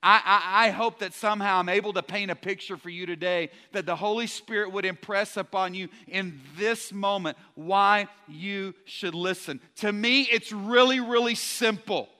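A man delivers an energetic sermon in a high, bright voice, joking with his congregation and often restarting his words. His voice carries a long reverb, like a large church hall. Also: normal speed, few pauses. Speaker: pastor.

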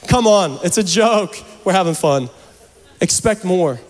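A man's voice: high-pitched, expressive, slow, pauses often. A man preaching a sermon as pastor, joking and conversational, then rising to fervent urging. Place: church. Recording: long reverb from a church hall.

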